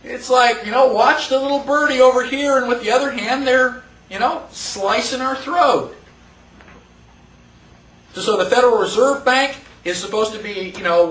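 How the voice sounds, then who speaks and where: A man teaching a class in a lively lecture, quizzing the students and acting out quotes. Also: extremely high pitch, a little hiss or hum. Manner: animated, asks the class questions, acts out quotes. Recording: echoey room, voice from far off.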